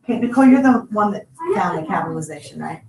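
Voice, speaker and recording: A woman teacher giving brisk, repeated instructions to her class. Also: medium pitch, expressive, vocal fry, a little mellow. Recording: echoey classroom from far off.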